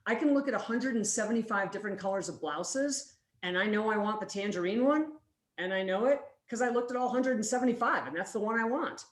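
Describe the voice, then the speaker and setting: A woman giving a conference keynote, telling a story lively and acting out both sides of a dialogue. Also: medium pitch, fairly quick. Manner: lively, acts out quoted dialogue. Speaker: keynote speaker. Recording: roomy, echoey hall.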